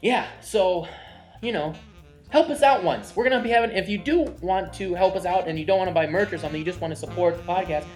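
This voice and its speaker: A man's voice: sits high, fast, faint music behind. A man hosting a casual podcast, talking with an upbeat energy. He rattles through a long list of announcements and plugs in a loose, chatty way. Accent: put-on Chicago accent in early part. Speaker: podcast host.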